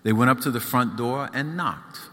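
A man reads his own prose aloud at a live event, his delivery rhythmic and emphatic. His voice sits in a middle pitch with a bright edge. The room adds a long reverberant tail. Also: normal speed, a little hiss or hum. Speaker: author reading his own book. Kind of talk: live book reading. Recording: echoey hall.

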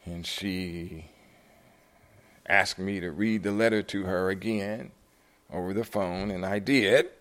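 An older man, an author at a live book event, telling a story animatedly and acting out the conversations in it, at times jumping up high in surprise and at times dropping soft. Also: slow, long pauses. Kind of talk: storytelling talk.

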